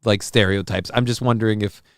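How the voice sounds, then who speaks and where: A man hosting a casual comedy podcast, sarcastic and profane, cracking quick jokes about news stories. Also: on the low side, steady tone, smooth, no echo, clean studio sound. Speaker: podcast host.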